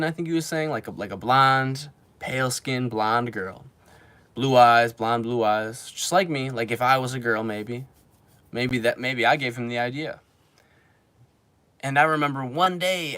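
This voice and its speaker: A man's voice: medium pitch, a bit bright, no room sound. A man in his twenties streaming casually, telling rambling stories full of fillers and reading viewer comments. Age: 20s. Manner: rambling, filler-heavy storytelling. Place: home in Japan.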